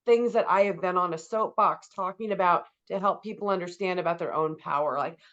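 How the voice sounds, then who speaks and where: A woman's voice: on the low side, a little fast, a bit bright, highs cut off. A woman hosting an interview, talking enthusiastically and effusively, with lots of "like". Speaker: podcast host. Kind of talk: interview conversation.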